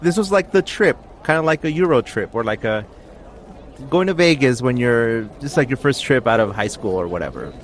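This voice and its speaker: A man's voice: medium pitch, lively intonation, moderate pace, slight background noise. A man hosting a podcast, telling a mystery story in a rambling, chatty way, often correcting himself mid-sentence. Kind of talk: casual storytelling chat.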